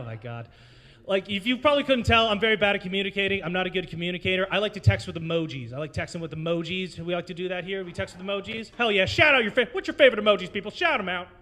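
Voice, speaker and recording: A man's voice: sits high, fairly bright tone. A young American man hosting an open mic in a brewery, doing a rambling, self-mocking stand-up set and working the crowd. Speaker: open mic host and comedian. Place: brewery taproom.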